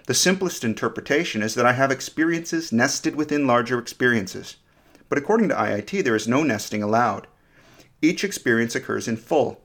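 A man's voice: mid-range voice, vocal fry, fairly bright tone. A man hosting a podcast, giving a scripted, reflective explanation that often turns to ask the listener questions. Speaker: podcast host.

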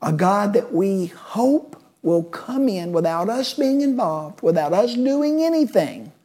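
A woman delivers a sermon in a mellow, slightly husky voice. She speaks emphatically, driving her points home with repeated phrases that build on one another. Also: mid-range voice, animated, unhurried. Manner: emphatic, building repetitive lists. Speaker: preacher.

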